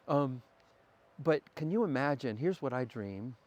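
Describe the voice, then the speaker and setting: A middle-aged man talking fast in an animated, profane conversation as a podcast guest. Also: medium pitch. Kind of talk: casual conversation.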